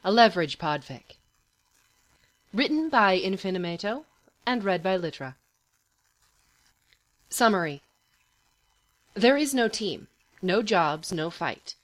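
A woman narrating a fan story as a podfic reader, expressive. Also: mid-range voice, slow, pauses often. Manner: expressive, lively reading.

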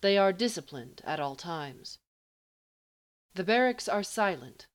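A woman reading a story aloud in a measured, even way. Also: lowish voice. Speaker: narrator.

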